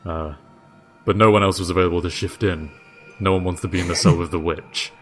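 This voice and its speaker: Man, game master, low voice, relaxed narration, tabletop game. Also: brisk, music in the background. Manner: relaxed, laughs often.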